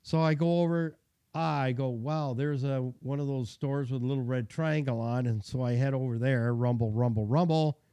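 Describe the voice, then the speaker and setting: Middle-aged man, mechanic telling a story, mellow voice, dry close sound. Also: mid-range voice, steady tone, moderate pace, smooth, no room sound. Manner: chatty, self-deprecating, acts out the people in his story. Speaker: mechanic giving car care tips. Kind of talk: casual storytelling and advice.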